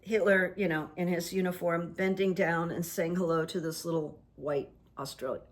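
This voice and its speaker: A woman's voice: on the low side, steady tone, moderate pace. A woman hosting a solo talk show, reading runes and telling stories in a meandering way, with many fillers and restarts. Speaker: host and rune reader. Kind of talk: casual monologue.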